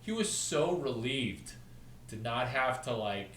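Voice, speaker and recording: A man's voice: mid-range voice, animated, slow pace, fairly bright tone, echoey room, recorded from a distance, slight background noise, low-quality recording. A man hosting his own video, telling a story in a rambling, casual way that jumps between topics and stops to spell out names. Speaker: video host.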